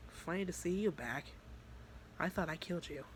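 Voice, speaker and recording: A man voicing a calm, commanding woman fighter who speaks in a low, steady, dry way. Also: moderate pace, slight background noise, lightly acted. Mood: grim.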